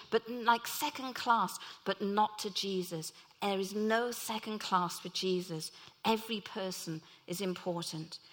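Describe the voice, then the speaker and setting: A woman's voice: on the high side, bright, forceful tone. A middle-aged woman preaching a sermon, earnest and telling personal stories. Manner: earnest, acts out quoted voices.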